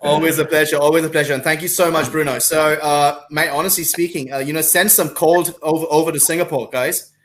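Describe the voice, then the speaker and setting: A man's voice: fairly high pitch, fairly even intonation, fairly quick, hardly any pauses. A man hosting a live-streamed panel over a video call, effusive and repeating his words and thanks as he welcomes guests. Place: Singapore.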